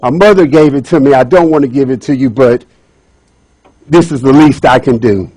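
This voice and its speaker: A man's voice: mid-range voice, normal speed, dark tone, no echo, voice pushed down, lightly acted. A scared poor young woman pleading, told by a man in his own voice. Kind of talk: storytelling speech.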